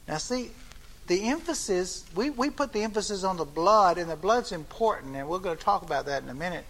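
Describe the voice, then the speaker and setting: A man's voice: sits high, expressive, fairly quick, fairly bright tone. An older man preaching a sermon, reading scripture aloud and then explaining it in plain talk with frequent restarts.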